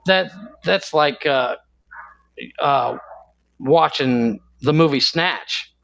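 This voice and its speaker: A man's voice: fairly high pitch, extremely slow, vocal fry, fairly bright tone. A man co-hosting a podcast in casual chat, rambling and searching for words. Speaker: podcast co-host.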